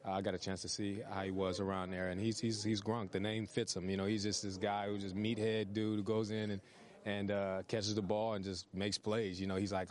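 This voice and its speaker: Deep-voiced football player, rapid and flat. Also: male voice. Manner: relaxed, heavy "you know" fillers. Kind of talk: press interview answers. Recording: crowd chatter behind.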